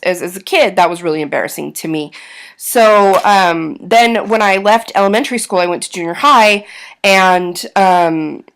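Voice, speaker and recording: A woman in her thirties talking candidly to camera in a casual vlog, self-deprecating and full of ums. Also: on the low side. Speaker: vlogger.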